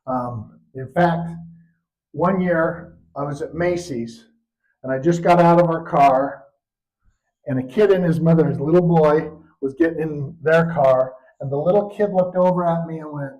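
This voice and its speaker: An older man telling stories in an animated, expressive way at a live storytelling performance. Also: a little high, measured pace, rough recording.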